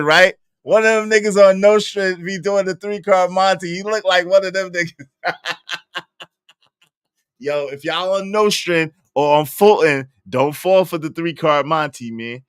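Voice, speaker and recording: Bright-voiced Brooklyn man, lively stream chatter. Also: high voice, unhurried, clean tone, no echo, clean studio sound. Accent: Brooklyn New York. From Brooklyn, New York. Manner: slangy, animated, laughs often. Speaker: streamer reacting to a show. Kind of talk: casual live-stream commentary.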